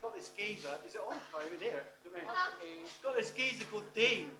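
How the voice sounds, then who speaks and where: A man's voice: high voice, animated, fairly quick. A man hosting a live performance event, introducing the headline act in a chatty, enthusiastic way while fumbling with the microphone. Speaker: event host. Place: live performance venue, indoors. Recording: loud crowd noise.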